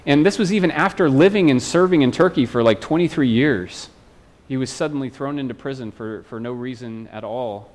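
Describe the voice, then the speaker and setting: A man's voice: medium pitch, brisk, darkish tone. A man, a pastor, preaching a sermon in an earnest way, often restarting and repeating phrases.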